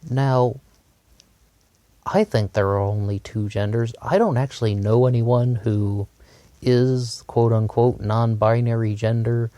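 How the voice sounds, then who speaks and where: A man's voice: medium pitch, steady tone, slow pace, mellow, no echo. A man giving a rambling opinion monologue, hesitant and repetitive, with frequent restarts. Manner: rambling, hesitant, repeats himself. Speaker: commentator.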